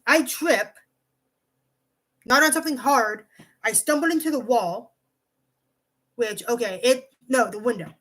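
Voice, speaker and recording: A woman's voice: on the high side, unhurried, pauses often, fairly bright tone. A young woman casually telling a rambling personal story, swearing freely and often restarting her sentences. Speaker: vlogger.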